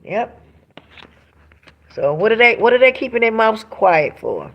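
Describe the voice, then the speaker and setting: A woman hosting a casual live stream from home, reading viewer comments aloud and talking straight to her audience in an emphatic, animated way. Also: a little high, measured pace, highs cut off.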